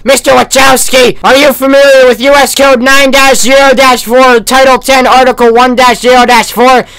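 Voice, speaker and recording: A man's voice: very high voice, little pitch movement, normal speed, clean tone, no room sound, poor audio. A man voicing an arrogant male evil genius scientist, screaming every line in a comedic reading. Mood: menacing. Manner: yelling every line, condescending.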